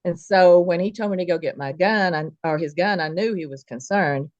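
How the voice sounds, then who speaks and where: Woman, low-ish voice, storyteller voicing family members, dry lo-fi mic. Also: normal speed, a little mellow, no room sound. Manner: vivid, folksy retelling with quoted dialogue. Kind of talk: personal story told casually.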